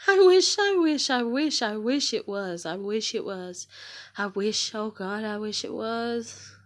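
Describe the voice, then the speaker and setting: A woman's voice: fairly high pitch, a little slow. A worn-out woman venting in a casual monologue, ranting with plenty of swearing and sounding near tears. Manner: profane, exasperated ranting. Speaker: vlogger.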